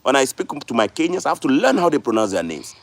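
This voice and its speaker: A man's voice: mid-range voice, very animated, fast, no room sound. Emphatic man. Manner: lecturing, emphatic, repeats words for stress. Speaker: livestream host. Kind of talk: casual livestream monologue.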